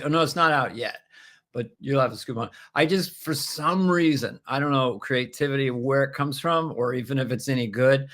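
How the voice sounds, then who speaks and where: A man in his seventies, a comedian guest, chatting in a halting way with many restarts and frequent laughs. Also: mid-range voice, fairly bright tone. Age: 70s. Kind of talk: casual interview chat.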